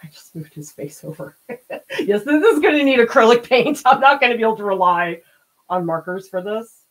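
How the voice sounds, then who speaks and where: A woman's voice: a little high, sing-song, brisk, low-quality recording. A woman art teacher chatting casually as she paints during a live demo, laughing often and reading out viewer comments. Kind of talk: casual livestream chat while painting.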